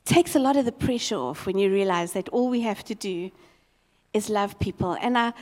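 A woman preaching a sermon as a lively, expressive storyteller. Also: medium pitch, a little fast, big-room sound.

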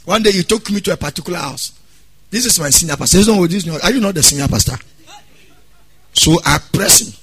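A man preaching a sermon as pastor, swinging between quiet asides and loud, half-sung exhortations. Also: high voice, animated, fast talker, long pauses, breathy edge.

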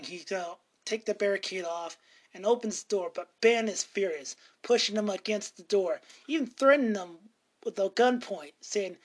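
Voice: mid-range voice, unhurried. Rambling casual movie recapper. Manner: rambling, frequently self-correcting.

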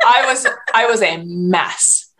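A woman's voice: mid-range voice, slow, fairly bright tone, slight background noise. A woman in her thirties telling a personal story in a candid, rambling way, with many restarts and fillers, as a podcast host. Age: 30s.

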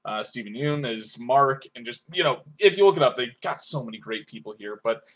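A man co-hosting a casual review podcast, talking in a measured, analytical way with frequent "uh" and "like". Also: medium pitch, expressive. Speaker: podcast co-host reviewing a show.

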